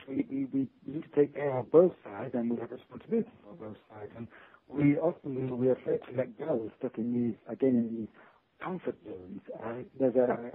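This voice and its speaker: Earnest man over a tinny phone line. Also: medium pitch. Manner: earnest, halting with many restarts. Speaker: author guest. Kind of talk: casual interview talk.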